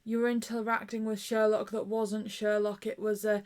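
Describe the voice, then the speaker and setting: A woman from the UK co-hosting a review podcast in casual chat, teasing and quick to push back on her co-host. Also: medium pitch, little pitch movement, darkish tone.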